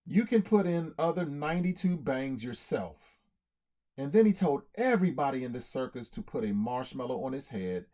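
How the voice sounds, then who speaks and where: A man reading a storybook aloud in an animated way, acting out cheers and sound effects. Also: medium pitch.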